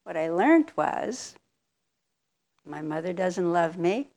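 An older woman giving a reflective talk as a meditation teacher, telling a personal story candidly and with soft laughs. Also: lowish voice, expressive, slow.

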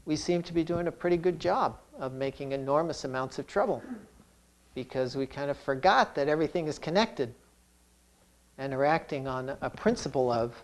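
A man gives a Zen dharma talk in an unhurried, reflective way, now and then breaking into gentle humor. His voice sits a little higher than most men's. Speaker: Zen teacher.

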